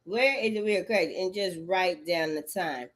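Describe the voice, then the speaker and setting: A woman's voice: fairly low pitch, normal speed. A woman in a rambling, profane monologue, full of cursing and repetitive outbursts.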